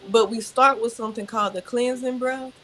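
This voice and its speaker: Calm woman guiding breathing. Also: on the high side, a little fast, slight background noise, low-quality recording. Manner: calm, instructive, says "yes, ma'am". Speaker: yoga teacher.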